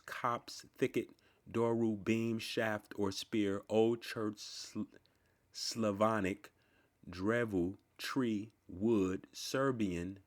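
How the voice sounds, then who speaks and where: Man reciting definitions word by word, low voice, unhurried delivery. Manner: slow, deliberate word-by-word recitation. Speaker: channel host. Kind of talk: reading dictionary entries aloud.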